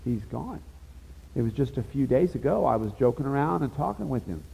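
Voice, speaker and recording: A man's voice: medium pitch, very animated, fairly quick, creaky, mellow, slightly rough. A man preaching a sermon in a conversational, emphatic way, with casual asides to his listeners. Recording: dull lo-fi sound with long reverb.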